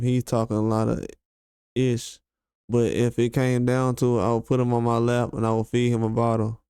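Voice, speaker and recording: A man's voice: mid-range voice, monotone, moderate pace, mellow, clean tone, no echo, clean studio sound. A man hosting a commentary video, ranting in a heated, slangy, emphatic way and repeating his points. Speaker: commentary channel host. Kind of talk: casual commentary rant.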